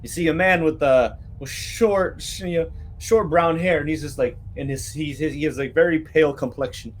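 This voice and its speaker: A man narrating a tabletop game as its game master, in a halting way full of restarts. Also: a little high, a little hiss or hum.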